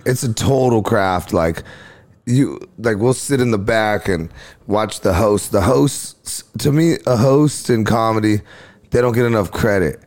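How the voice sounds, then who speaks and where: A stand-up comedian chats casually on a podcast in a lowish, unhurried voice. He tells stories animatedly, acting out his exchanges with crowds and laughing often.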